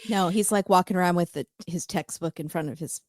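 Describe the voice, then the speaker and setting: A woman with a slightly low voice joins a podcast chat and works through her opinions aloud, full of hedges and little fillers. Her voice sits close and dry on the mic. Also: a little fast, a little mellow, dry recording. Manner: thinks aloud, hedging with fillers and tentative takes. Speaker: podcast guest. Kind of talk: casual chat.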